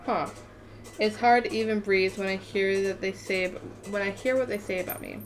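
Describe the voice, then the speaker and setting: A woman reads a story game out loud in an unpolished, casual way, stumbling and restarting words as she goes. Her pitch sits in a middle range, and a faint hiss lies under the recording. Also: fairly even intonation, moderate pace. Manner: stumbles over words while reading. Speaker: gamer reading a visual novel aloud. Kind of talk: casual let's-play reading.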